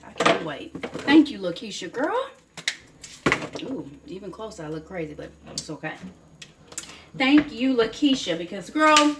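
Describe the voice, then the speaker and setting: A woman's voice: fairly high pitch, a little hiss or hum. Southern lady talking while she cooks, folksy, says honey a lot, echoey kitchen, dishes clinking faintly. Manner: chatty, folksy, calls viewers honey and baby. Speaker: cooking vlogger. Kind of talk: casual cooking chat to camera. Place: home kitchen. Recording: roomy kitchen with cooking noises. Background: faint clatter of dishes and cutlery.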